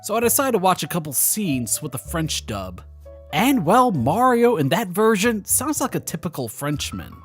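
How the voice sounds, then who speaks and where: A man's voice: sits high, sing-song, moderate pace, soft background music. A man narrating a scripted commentary video, with sarcastic, mocking asides.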